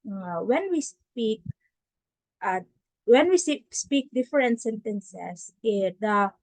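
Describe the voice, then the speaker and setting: A woman gives a children's grammar lesson in a slow, unhurried voice that sits a little high. She is patient and repeats points, modeling the tone of each sentence. The close, dry recording has no room sound. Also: expressive, darkish tone, no echo, rough recording. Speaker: online English teacher.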